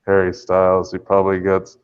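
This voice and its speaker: A man's voice: low voice, monotone, clear, resonant tone, lo-fi sound. A man co-hosting a podcast in casual chat, joking and bantering. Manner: joking, banter-heavy, quick laughs. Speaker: podcast co-host.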